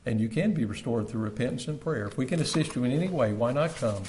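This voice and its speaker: A man preaching a sermon at a church service, with dramatic pauses, building loud and then dropping to near-whispers. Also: medium pitch, animated, a little hiss or hum.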